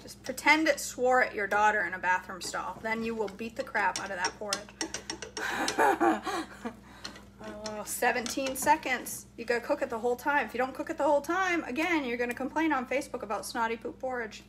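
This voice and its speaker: A woman's voice: fairly high pitch, fast, hardly any pauses, fairly bright tone, a little hiss or hum. A woman vlogging from her home kitchen stove, chatting and joking in a playfully bossy way as she cooks for a camera set up nearby. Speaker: cooking vlogger. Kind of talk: casual cooking demonstration. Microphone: camera set up near the stove. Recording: clattering pots and whisking behind voice.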